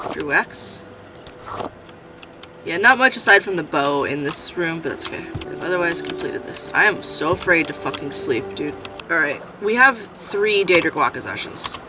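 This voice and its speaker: Chatty woman with a lively, swingy voice. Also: fairly low pitch, recorded from a distance, background noise. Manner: chatty, swears freely, bursts into loud outrage. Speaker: gameplay commentator. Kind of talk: casual let's-play commentary.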